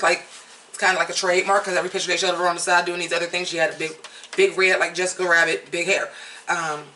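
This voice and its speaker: A chatty, outspoken American vlogger talking through opinions in a loose, candid way and swearing freely. The voice is bright and a little sharp, and it sits some distance back from the mic. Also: medium pitch. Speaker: vlogger reviewing a reality show. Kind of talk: casual commentary.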